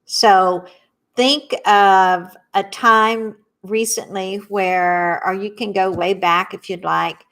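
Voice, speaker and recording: A middle-aged woman with a Southern accent guides a tapping workshop in a slow, soothing cadence. She leaves room for listeners to echo her phrases. Her pitch sits in a middling range. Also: a bit bright. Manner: slow, soothing, lets viewers repeat after her.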